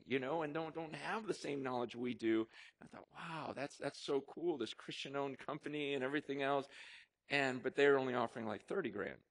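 A middle-aged man preaching a sermon, telling a personal story in an animated, excited way, with restarts and bursts of laughter. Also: fairly high pitch. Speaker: pastor.

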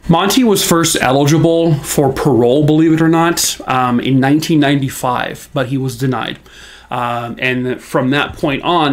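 In a casual vlog, a young man with a medium-pitched voice tells true crime stories, chatting away with plenty of fillers and self-deprecating remarks. He sounds slightly hoarse, as if losing his voice.

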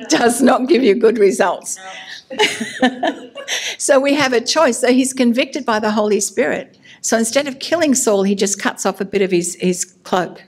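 A woman's voice: fairly high pitch, a little slow, slightly rough. A middle-aged woman giving a sermon as a minister, candid and self-mocking, laughing at herself as she talks.

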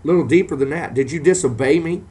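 A fairly high-voiced man preaching with mounting fervor. He drops into a low, soft "amen" after almost every phrase, then pushes his pitch up sharply on the points he hammers home. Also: fast talker. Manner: punctuates every phrase with "amen", rising to fervent emphasis. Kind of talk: sermon.

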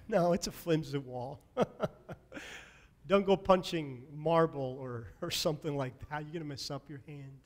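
A man preaching a Sunday sermon as pastor, emphatic, swinging between loud declarations and soft asides. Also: on the high side, slow, long pauses. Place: church sanctuary.

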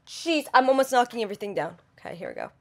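In a blooper reel of vlog intros, a woman YouTuber keeps flubbing her lines, giggling and exclaiming as she starts over. Her voice is fairly high, sing-song and gravelly, and she talks fast.

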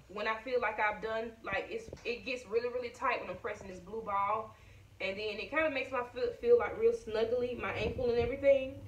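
A woman's voice: a little high, a little hiss or hum, low-quality recording. A woman, chatting casually to her viewers at home, a bit short of breath. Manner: chatty, addresses viewers as y'all. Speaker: vlogger. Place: at home indoors.

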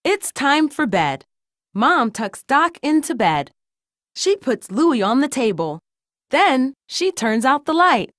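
A woman reading a children's storybook aloud in a gentle, lilting read-aloud manner. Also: high-pitched, sing-song, takes it slowly, dry recording, studio quality. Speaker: storybook narrator.

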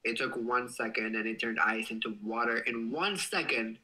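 A young adult man hosts a casual livestream, reading viewer comments aloud in a bubbly, giggly way and swearing playfully. His mid-range voice is pushed and bright at normal speed, though the audio is poor.

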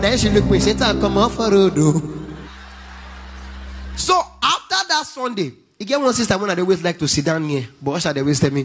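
A Nigerian man with a high voice tells comic church stories, switching between English and pidgin and breaking into song. Music plays behind him throughout. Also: fairly quick. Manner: animated storytelling, mixing pidgin, bursting into gospel song. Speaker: stand-up comedian. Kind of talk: stand-up comedy routine in church. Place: church event stage.

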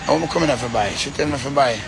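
A man's voice: medium pitch, fast, vocal fry, music in the background. A man with a Jamaican accent, rambling and swearing in a casual rant to his viewers. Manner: rambling, repetitive, swears often.

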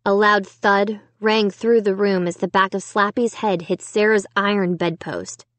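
A woman's voice: medium pitch, fairly even intonation, unhurried, fairly bright tone, dry recording. A woman narrating a children's horror book in the first person, reading steadily and with suspense. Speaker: audiobook narrator.

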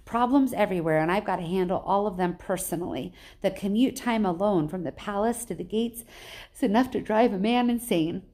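A woman's voice: medium pitch, fairly quick, dark tone, natural voice. A woman reading aloud, voicing a proud, scornful male god of the underworld who grumbles and accuses. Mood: accusing.

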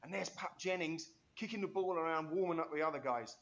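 A man's voice: a little high, brisk, fairly bright tone, lo-fi sound, a little hiss or hum. A man, an interview guest telling rambling, enthusiastic stories full of restarts and asides. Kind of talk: animated storytelling interview.

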